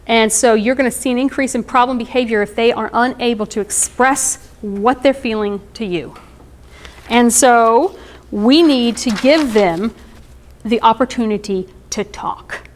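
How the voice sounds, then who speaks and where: A woman's voice: fairly high pitch, unhurried, a little hiss or hum. A woman in her thirties giving an informal presentation on emotional wellness, conversational and explanatory, with frequent ums and asides.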